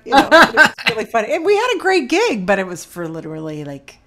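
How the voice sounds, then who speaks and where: Lively, animated woman storyteller. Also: mid-range voice, fast talker, hardly any pauses. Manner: animated, laughs often. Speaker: guest vocalist. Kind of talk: casual interview storytelling. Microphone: video call.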